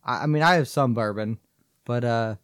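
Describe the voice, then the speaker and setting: A man co-hosting a laid-back podcast, mid-pitched and rambling, with plenty of "like" and "uh" as he talks. The sound is dry and close. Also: clear, resonant tone, no echo. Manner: rambling, halting, fillers. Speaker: podcast co-host. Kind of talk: casual chat.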